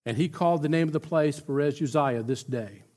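Pastor, man, high voice, chatty emphatic sermon, stumbles and restarts. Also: a little mellow. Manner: conversational and emphatic, with halting restarts.

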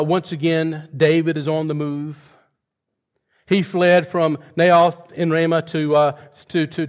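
An earnest male preacher delivers a sermon with a slightly raised voice. He retells biblical scenes with building intensity and stumbles through frequent restarts and fillers. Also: on the high side. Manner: earnest, retells scripture dialogue with rising intensity.

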